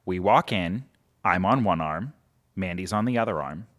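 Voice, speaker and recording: A man's voice: low voice, normal speed. A man, a podcast guest telling a story casually and animatedly, acting out quotes. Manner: animated, acts out quotes, many "like" fillers.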